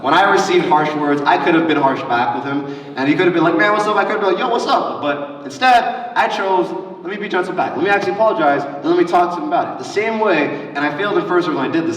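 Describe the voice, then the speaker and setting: A man leading a church lesson for kids, telling stories energetically and acting out the quotes. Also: fairly high pitch. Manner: energetic, storytelling with acted-out quotes. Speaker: youth pastor. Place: large church hall. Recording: roomy hall heard from a distance.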